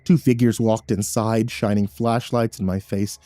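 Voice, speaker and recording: A man narrating a horror story in a measured, somber storytelling manner. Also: fairly low pitch, fairly even intonation, mellow, no room sound.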